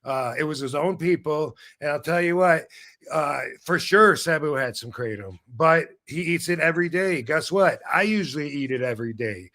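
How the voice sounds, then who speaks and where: A middle-aged man hosting a casual livestream chat, talking bluntly and rambling through animated stories. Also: a little high, moderate pace. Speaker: podcast host. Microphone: video call.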